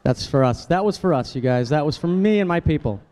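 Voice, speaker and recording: This stand-up comic from the United States is animated and a little fast, with a mellow voice, performing before a live audience at a dinner event hall. He keeps things conversational and slips into exaggerated, high-pitched voices for anyone he quotes.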